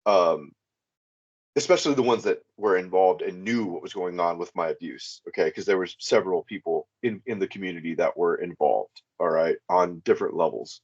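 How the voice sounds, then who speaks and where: Rambling low-voiced man, lo-fi sound. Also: fairly quick, husky. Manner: rambling, frequent "you know" fillers. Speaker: podcast caller. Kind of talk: casual first-person storytelling. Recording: dull lo-fi sound.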